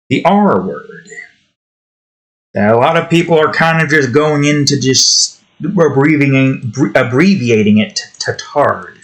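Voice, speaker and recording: A man's voice: mid-range voice, poor audio. Tired young man rambling while drawing. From New Jersey. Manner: meandering, frustrated rant with frequent restarts. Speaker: art streamer.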